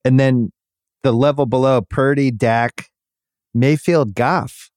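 A man hosting a casual sports betting chat, listing names in quick runs. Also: mid-range voice, steady tone, a little mellow, dry recording, studio quality. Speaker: sports betting podcast host.

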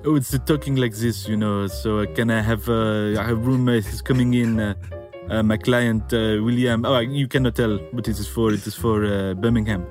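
A man's voice: on the low side, fairly even intonation, a little mellow, soft background music, close to an everyday voice. A man faking a bumbling French sports agent. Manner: halting, filler-heavy broken English.

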